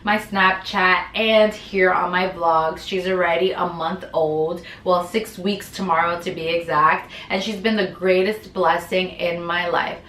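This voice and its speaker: Animated young woman in an echoey room. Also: lowish voice, a little slow, few pauses. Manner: animated, dramatic retelling with acted-out quotes. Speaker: vlogger. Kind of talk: storytime vlog.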